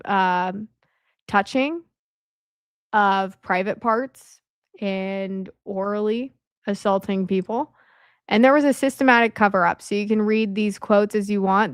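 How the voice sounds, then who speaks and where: A woman with a smooth, mid-range voice hosts a video from home at night, recorded dry and studio-clean on a desk camera mic. She chats casually through slides, her voice sounding strained and worn, dropping in frequent fillers and asides.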